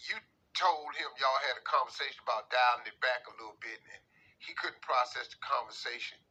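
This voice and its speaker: A man hosting a radio show, giving comedic commentary on a listener's letter in an animated, drawling way full of playful slang. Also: mid-range voice, fairly quick, breathy edge, low-quality recording.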